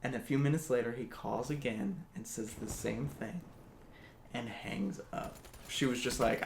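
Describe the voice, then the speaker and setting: A man's voice: mid-range voice, unhurried, creaky. A man casually telling a spooky story, jokey and laughing at his own asides, recorded in an echoey room. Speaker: storyteller host. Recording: echoey room, faint hiss.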